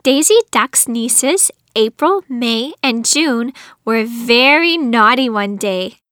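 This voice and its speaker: A woman reading a children's storybook aloud, clear and expressive, in scripted narration on a close studio mic. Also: on the high side, slow, dry recording.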